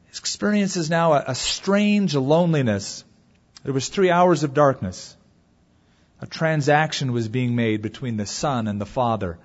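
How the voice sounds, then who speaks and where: A man preaching a sermon to a congregation, reading scripture aloud and expounding it with dramatic pauses. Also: mid-range voice. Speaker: pastor. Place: church or hall before a congregation. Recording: dull lo-fi recording with long hall reverb.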